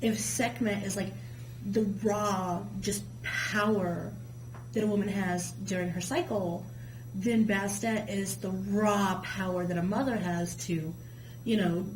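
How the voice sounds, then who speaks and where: A woman guest telling myths in casual, colloquial chat, with a lively storyteller's manner. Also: mid-range voice, measured pace. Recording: echoey room with faint hum.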